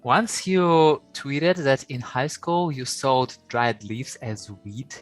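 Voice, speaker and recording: A podcast host from Ukraine asks his guest short, curious questions. His voice sits at an average pitch for a man. Faint music plays behind him. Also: slow, poor audio. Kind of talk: interview questions.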